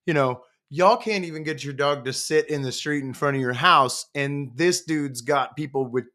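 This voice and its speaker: A man's voice: on the high side, moderate pace, sharp tone. A man talking casually as a podcast guest, easygoing and chatty, tossing in "dude" and "y'all". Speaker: podcast guest, dog business owner.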